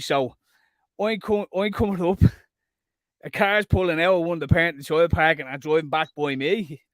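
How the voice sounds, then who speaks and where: A man in casual podcast chat, fast and sweary, who slips into loud mimicry of the people in his story. His voice sits fairly high for a man, and the recording is dry and close. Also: no room sound. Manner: profane, animated, acts out quotes loudly. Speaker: podcast co-host.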